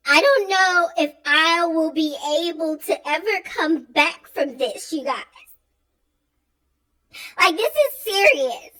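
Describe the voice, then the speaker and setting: A woman's voice: high voice, bright, forceful tone, pitched above the performer's own voice, exaggerated voice, low-quality recording. A woman voicing a tearful, defensive woman who snaps at others and sobs dramatically. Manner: snippy, then sobbing and whiny.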